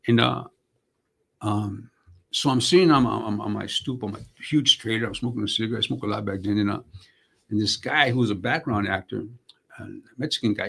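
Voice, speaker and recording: A gravelly, husky man in his sixties talks fast in a casual interview. He is streetwise and blunt, swears freely, and keeps calling his listeners bro and man. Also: mid-range voice. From United States. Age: 60s. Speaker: actor and comedian guest.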